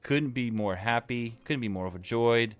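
A man co-hosting a podcast, chatting casually and excitedly, joking and laughing often. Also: mid-range voice, moderate pace, clear, resonant tone. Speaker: podcast co-host. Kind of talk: casual chat.

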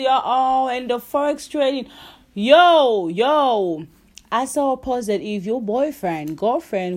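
A woman's voice: on the low side, dark tone. A woman hosting a casual solo podcast from home, chatty and laughing often, stretching out her advice. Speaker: podcast host. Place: home, during lockdown.

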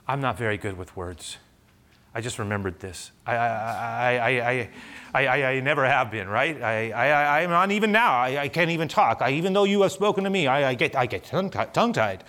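A man's voice: on the low side, normal speed, a bit bright, voice pushed down, lightly acted. A man voicing Moses as a reluctant shepherd-prophet who stammers, repeats himself and pleads to be let off. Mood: self-doubting.

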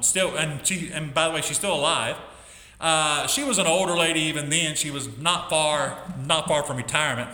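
Middle-aged male teacher testifying, emphatic storyteller, bright slightly high voice, long hall reverb. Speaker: school teacher giving a testimony.

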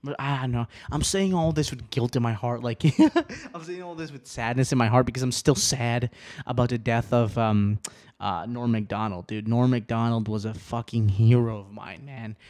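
A man hosting his podcast alone in a small home studio, talking casually and rambling, cursing often, swinging between subdued and excited. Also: medium pitch, moderate pace. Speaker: podcast host. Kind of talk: casual solo podcast chat.

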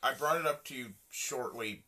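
A podcast co-host in a casual wrestling chat, riffing excitedly and swearing. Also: mid-range voice, moderate pace.

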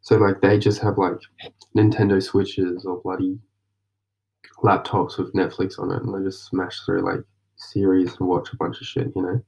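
A man's voice: low voice, level tone, moderate pace, gravelly, a little mellow. A young Australian man rambling in a casual late-night monologue, slangy and loose, drifting into whispers now and then. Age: young adult. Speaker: vlogger journaling. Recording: dull lo-fi mic.

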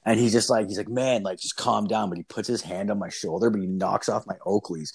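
A man's voice: lowish voice, fairly even intonation, fairly quick, vocal fry, slightly rough. A young man telling a rambling, profanity-filled story in casual chat, full of "like" fillers.

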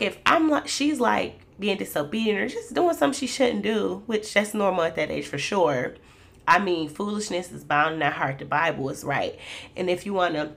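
Chatty woman with a gravelly voice. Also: mid-range voice, fairly bright tone. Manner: chatty and candid, addresses listeners as "y'all". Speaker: mother sharing reflections. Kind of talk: casual faith-based talk.

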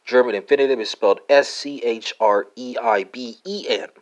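A man's voice: mid-range voice, moderate pace. A man hosting a solo language-lesson podcast, spelling out words letter by letter with lots of "uh" and "right?" and a few wry asides.

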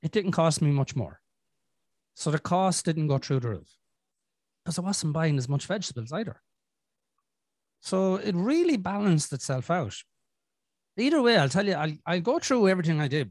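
A man talks candidly as a podcast host, swearing freely as he tells his story. His pitch sits a little high and moves a lot. The sound is dry and close. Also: no echo. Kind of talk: casual conversation.

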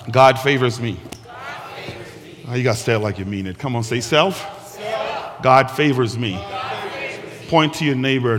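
A pastor preaching a sermon, reading scripture slowly and emphatically and calling on the congregation to respond. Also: male voice, mid-range voice, a bit bright. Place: church sanctuary. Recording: long hall reverb with guitar music.

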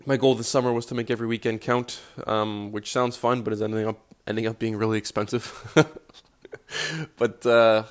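A man's voice: medium pitch, fairly even intonation, normal speed. A man hosting a casual solo podcast, with a groggy morning voice, self-deprecating and swearing casually. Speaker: podcast host.

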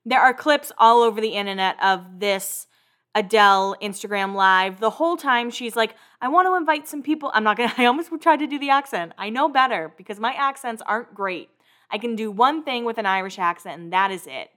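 A woman's voice: mid-range voice, animated, fairly quick, a bit bright. A young woman hosting a pop culture podcast, chatting casually and animatedly about celebrity gossip, with the odd swear word. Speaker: podcast host. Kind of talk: casual chat.

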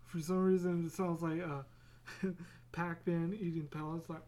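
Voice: mid-range voice, level tone, a little slow, warm tone. A podcast host talking in a loose, rambling way, laughing often and restarting words as they go. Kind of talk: casual rambling solo podcast.

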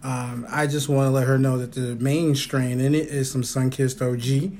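A man's voice: medium pitch, level tone, moderate pace, darkish tone, a little hiss or hum. A man hosting a casual podcast, loose and joking, laughing often and swearing freely. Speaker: podcast host. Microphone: phone.

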